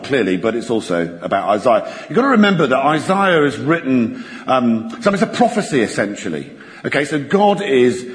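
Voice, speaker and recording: A man preaching a sermon in a church, expressive and animated, slowing down dramatically for emphasis. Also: medium pitch. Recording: church hall reverb.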